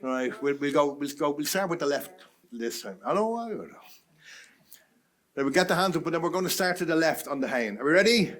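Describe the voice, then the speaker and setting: A man's voice: a little high, expressive, brisk, fairly bright tone. Jokey man chairing a session. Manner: jokey, banters with the audience. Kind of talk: live event hosting. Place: conference room.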